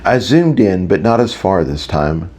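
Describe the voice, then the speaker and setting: A man with a very low, deep voice narrates a first-person audiobook. His delivery is wry and self-mocking, like someone talking through his own thoughts. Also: big pitch swings, unhurried, a little mellow.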